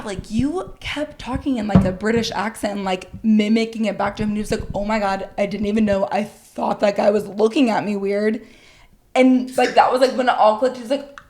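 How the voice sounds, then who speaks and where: A woman's voice: on the high side, fairly even intonation, a little fast, darkish tone, a little hiss or hum. A young woman co-hosting a podcast, telling a story in casual chat and filling her sentences with "like". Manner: rambling storyteller, heavy use of "like". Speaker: podcast co-host.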